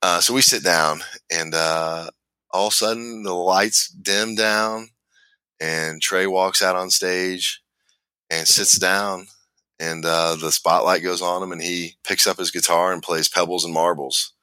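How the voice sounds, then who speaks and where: A man's voice: low voice, steady tone, unhurried, bright, forceful tone, clear, resonant tone, dry recording. A middle-aged man telling a long personal story in casual conversation, rambling and acting out what people said, with lots of fillers. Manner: rambling, re-enacts dialogue with fillers. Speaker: guest storyteller.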